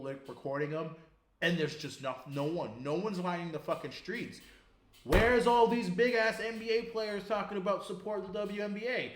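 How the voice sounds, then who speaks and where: A man with a higher-than-average voice co-hosts a podcast, chatting casually about sports. He's animated and profane, rambling and restarting his sentences often, and the room sound is noticeable.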